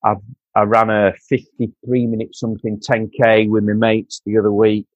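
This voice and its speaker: A man's voice: lowish voice, monotone, moderate pace, dry recording, dull audio. A man from Doncaster with a Yorkshire accent, telling his story as a podcast guest earnestly, repeating himself and calling the host mate. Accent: Yorkshire English. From Doncaster, England. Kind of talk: candid personal storytelling.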